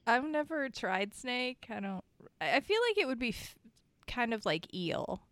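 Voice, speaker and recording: A woman's voice: fairly high pitch, big pitch swings, unhurried, fairly bright tone, clean tone, dry recording. A woman co-hosting a podcast in casual chat, easygoing and chatty, laughing easily. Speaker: podcast co-host.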